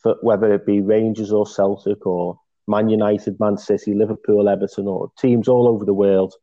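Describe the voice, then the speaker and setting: A male interviewer with a mellow, dark voice, asking his questions haltingly with plenty of "uh"s. The sound is a little muffled and lo-fi. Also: lowish voice, flat delivery. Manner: hesitant, with many "uh"s and "mm"s. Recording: slightly dull lo-fi audio.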